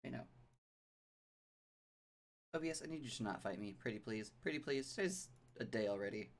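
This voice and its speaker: Animated, chatty game streamer. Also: medium pitch, fairly quick. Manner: chatty, animated and self-deprecating; reads game text aloud in a vague pirate accent. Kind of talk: live game stream commentary.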